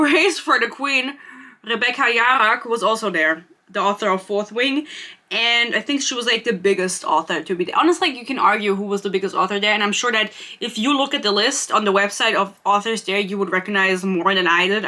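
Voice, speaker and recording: Bright-voiced young woman ranting casually. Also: medium pitch, fairly quick. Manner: chatty, swears freely, self-mocking asides. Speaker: podcast host. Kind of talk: casual chat.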